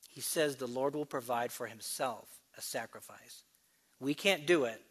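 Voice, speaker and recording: A man delivering an expository sermon at a mid pitch. He moves between quick conversational asides and slow, deliberate readings of scripture, pressing on key words. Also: a bit bright, breathy edge. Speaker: preacher.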